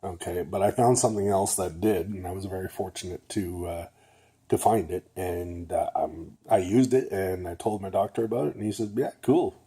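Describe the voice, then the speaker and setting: A man's voice: low-pitched, moderate pace, warm tone, husky. An older man, a retired nurse, talking casually to camera in a rambling way, a little nasal and often checking in with "okay?". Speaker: vlogger.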